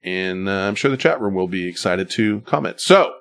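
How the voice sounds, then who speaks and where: A man's voice: low-pitched, animated, moderate pace, gravelly, a bit bright. A man hosting a podcast, telling a story in a loose, rambling way with plenty of fillers and the odd curse word. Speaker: podcast host. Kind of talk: casual chat.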